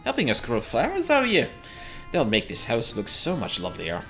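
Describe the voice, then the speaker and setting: A man voicing an eager, bossy little female pixie while reading game text aloud, in a squeaky put-on voice. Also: wildly swooping pitch, normal speed, pushed and bright, soft background music, full character voice.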